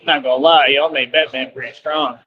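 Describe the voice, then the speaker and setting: A man's voice: medium pitch, fairly even intonation, brisk, phone-quality sound. A man live-streaming while walking outdoors, chatting casually in a rambling, laid-back way. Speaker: street streamer in costume. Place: outdoors on streets. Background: passing traffic.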